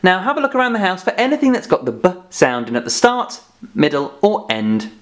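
Animated man teaching phonics. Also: high-pitched, a little fast. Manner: animated, mock-scolding, sing-song. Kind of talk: children's educational presenting.

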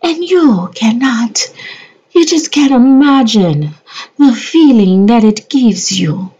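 A woman's voice: fairly high pitch, animated, dark tone, breathy edge, voice pushed up, full character voice. Woman putting on a weepy melodramatic voice-over. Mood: gushing. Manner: theatrical, sobbing, drawn-out delivery. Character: melodramatic gushing woman doing a tearful, over-the-top voice-over. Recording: dull lo-fi sound.

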